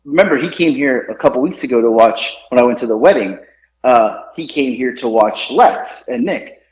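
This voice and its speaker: A man in his forties telling stories on a casual podcast, animated and laughing often. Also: mid-range voice, moderate pace. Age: 40s. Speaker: podcast co-host. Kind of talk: casual storytelling chat. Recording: roomy, dull lo-fi sound.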